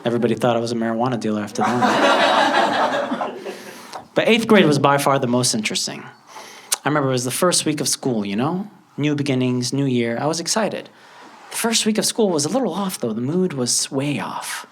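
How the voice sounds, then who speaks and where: A young man doing a stand-up comedy set, telling stories and acting out characters with quick bursts. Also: medium pitch. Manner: animated storytelling, acts out characters in quick bursts. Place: comedy stage with a laughing audience. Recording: loud audience laughter and noise.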